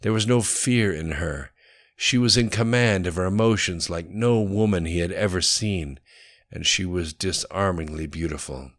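A man with a very low, deep voice narrates an audiobook. His reading is measured and even, steady through the prose.

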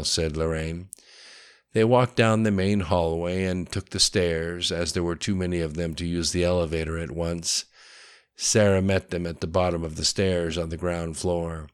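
A man reading a novel aloud as narrator, with a steady storytelling delivery and voicing each character. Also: low voice, moderate pace, clear, resonant tone. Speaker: audiobook narrator. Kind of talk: scripted narration.

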